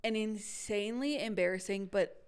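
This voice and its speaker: A woman's voice: medium pitch, moderate pace, clear, resonant tone. A woman co-hosting a casual chat podcast, telling a story and laughing often. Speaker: podcast co-host.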